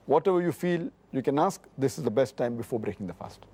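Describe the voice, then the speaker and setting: Here a middle-aged Islamic scholar answers questions with a medium-pitched, animated, mellow voice that has a breathy edge. He lays out religious rulings in a measured way, citing hadith precisely by book and number and repeating key points.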